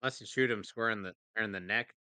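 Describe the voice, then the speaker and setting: A man's voice: on the low side, fast talker, bright, forceful tone, clear, resonant tone. A man co-hosting a casual watch-along, teasing his partner with dry, sarcastic remarks. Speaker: co-host.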